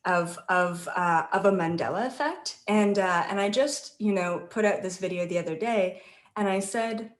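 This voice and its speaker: A woman's voice: medium pitch, normal speed. A woman guest telling a story in a chatty, conversational way, often checking in with tag questions. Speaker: intuitive channeller guest. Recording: roomy echo.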